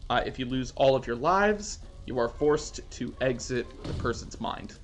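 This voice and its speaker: A man's voice: mid-range voice, expressive, moderate pace, soft background music. A man streaming a video game, chatting casually and swearing now and then. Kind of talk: casual gameplay commentary.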